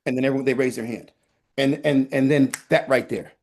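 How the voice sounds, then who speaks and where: A man who works as a teaching artist, talking as a guest in a casual conversation and telling stories in a playful, candid, animated way. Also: mid-range voice, a little fast.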